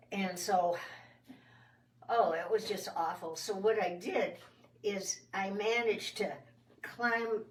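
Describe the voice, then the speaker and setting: A woman telling a children's story in a folksy, expressive first-person way. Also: mid-range voice, distant mic. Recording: roomy sound from off the mic.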